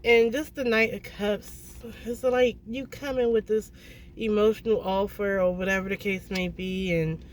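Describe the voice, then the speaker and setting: Brief: outspoken tarot reader, mid-pitched voice, blunt and profane, faint room hum behind. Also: steady tone, normal speed. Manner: blunt and emphatic, swears freely; keeps checking in with "okay?". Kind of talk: casual tarot reading to viewers.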